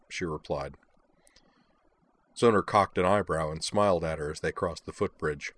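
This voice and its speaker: A man narrating a novel in a steady, even reading. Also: sits low, a little fast. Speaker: audiobook narrator. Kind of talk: scripted narration.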